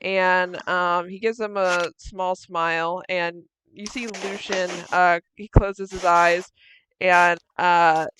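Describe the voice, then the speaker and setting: A woman's voice: on the low side, flat delivery, slow pace, a bit bright, slight background noise. A woman running a tabletop game as game master, narrating casually, swearing freely and scolding her players.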